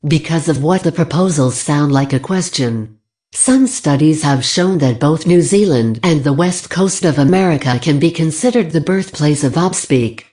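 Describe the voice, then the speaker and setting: A text-to-speech woman's voice reading a scripted lecture in an even, read-aloud way. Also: deep voice.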